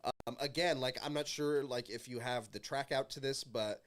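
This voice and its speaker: A man's voice: medium pitch, moderate pace, a bit bright. A man co-hosting a casual show, giving song feedback with many fillers and restarts. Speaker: co-host reviewing songs. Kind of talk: casual chat.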